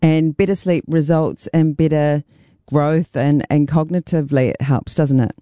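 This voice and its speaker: A woman's voice: low-pitched, steady tone, normal speed, mellow, smooth, dry recording, clean studio sound. A woman radio host, presenting and interviewing in a friendly, conversational way. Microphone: studio mic.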